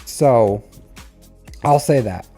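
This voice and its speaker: Casting note: mellow-voiced man, rambly live-stream reviewer, faint music underneath. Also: medium pitch, expressive, drawn-out words. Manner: rambling, repeats phrases, frequent "like" and "um". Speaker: streamer giving account reviews. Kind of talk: casual live-stream commentary.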